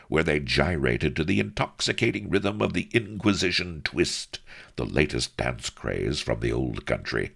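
A man's voice: rumbling low, gravelly, a bit bright, slightly rough. A man narrating a comic adventure story with a wry, mock-grandiose delivery. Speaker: audiobook narrator.

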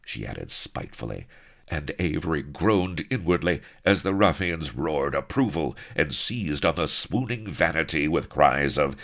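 A man's voice: very deep voice, sing-song, measured pace, vocal fry, fairly bright tone. A man reading a comic adventure story aloud with wry, mock-heroic narration.

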